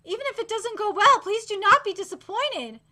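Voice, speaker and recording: A woman voicing a polite, devoted male servant in a manga read-aloud, soft and hesitant. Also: very high-pitched, lively intonation, brisk, heavily acted. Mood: earnest.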